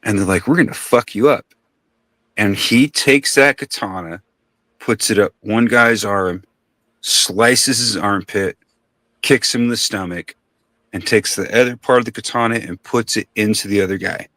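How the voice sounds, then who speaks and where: A man tells a story in loose, rambling podcast talk, swearing freely and bouncing into other people's voices when he quotes them. His voice sounds bright, and the close mic makes it dry, with no room sound. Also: lowish voice, moderate pace, dry recording.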